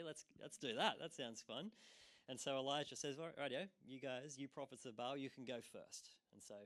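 Man, church pastor, casual sermon storytelling, filler words, mid-pitched voice. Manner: storytelling with frequent "uh" fillers and lively quoted asides.

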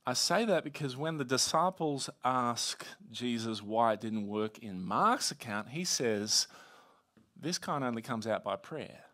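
A man's voice: a little high, fairly bright tone. A man preaching a conversational sermon, teaching a Bible passage with playful asides.

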